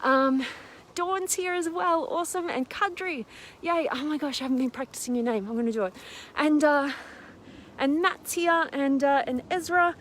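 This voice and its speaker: Hiking a steep, windy hill while live-streaming from a handheld phone camera, a woman hosts a casual chat as she exercises, a little out of breath. Her high, bright voice moves at normal speed, warm and bubbly as she reads viewer comments and names with plenty of ums and other fillers. Faint outdoor noise lingers behind her.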